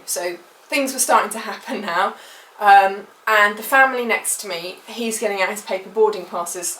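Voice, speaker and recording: A woman's voice: medium pitch, a bit bright. British woman vlogger, emotional rambling storytime, roomy and off-mic. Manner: emotional, rambling retelling with many fillers. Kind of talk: personal storytime vlog. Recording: echoey room, mic at a distance.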